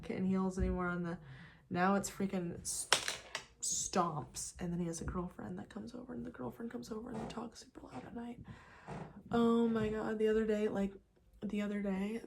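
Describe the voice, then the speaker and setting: A young woman talks straight to camera in a relaxed get-ready-with-me chat, her voice sitting in an ordinary middle pitch. She rambles along with plenty of "like" and "you guys," now and then slipping into a whisper. A faint hiss of background noise sits under her voice. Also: vocal fry. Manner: chatty and animated, full of "like" and "you guys", drops to whispers. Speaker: lifestyle vlogger. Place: her apartment.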